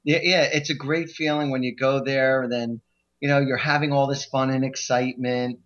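A man chatting casually, an animated storyteller who gets loud when acting out scenes. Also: mid-range voice, moderate pace, highs cut off. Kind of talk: casual chat.

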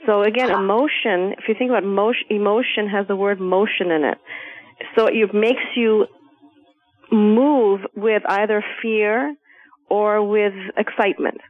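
A woman speaks slowly and calmly as a guest on a spiritual talk show, laying out her ideas in a measured way. Her voice comes through a thin, phone-like line. Now and then she playfully acts out little voices. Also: medium pitch. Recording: phone-like narrow sound.

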